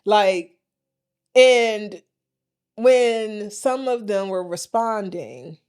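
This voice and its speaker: A woman's voice: medium pitch, expressive, very slow, darkish tone, clean tone. Blunt, chatty American woman podcaster. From United States. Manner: chatty, talks straight to listeners, folksy and blunt. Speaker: podcast co-host. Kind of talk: casual chat.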